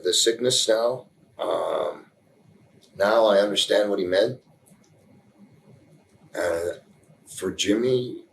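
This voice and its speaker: A man giving a candid interview, telling a story in a rambling, halting way with many restarts, earnest and emotional in places. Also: fairly low pitch, creaky, a little hiss or hum, rough recording. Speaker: interview guest.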